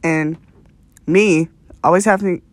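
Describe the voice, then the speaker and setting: A woman's voice: on the low side, fairly even intonation, slow, no room sound. Chatty, profane young woman podcaster. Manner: profane, chatty, laughing often. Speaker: podcast host. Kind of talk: casual rambling storytelling.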